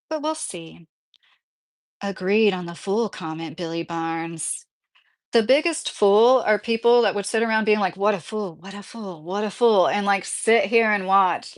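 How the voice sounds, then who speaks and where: A woman livestreamer reading out chat comments and answering them in a heated, casual way. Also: mid-range voice.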